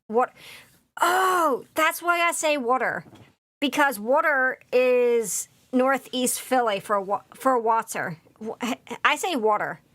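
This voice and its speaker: Faint music plays behind a VTuber streamer who chats while putting together a model kit. She speaks slowly in a high, fairly bright voice with a Philadelphia accent, rambling casually with lots of fillers and restarts.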